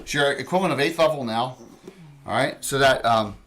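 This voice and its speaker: A man acting as dungeon master, running a tabletop game in a relaxed, chatty way with lots of fillers. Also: medium pitch, brisk.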